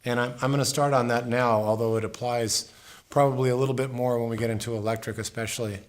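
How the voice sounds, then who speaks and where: A man giving a casual guitar lesson, explaining in a relaxed way and repeating words as he demonstrates. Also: medium pitch, quick pace. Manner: relaxed, thinks aloud, repeats words while playing. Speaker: guitar teacher. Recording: guitar music in the background. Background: acoustic guitar playing.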